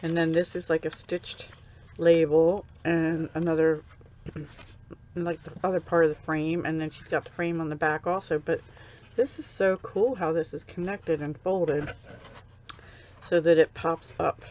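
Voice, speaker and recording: A woman's voice: low-pitched, fairly even intonation, measured pace, a little mellow, dull audio, slight background noise. A middle-aged woman from the USA chatting casually on her crafting vlog, gushing and easily touched as she unboxes handmade cards at home. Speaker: crafting vlogger.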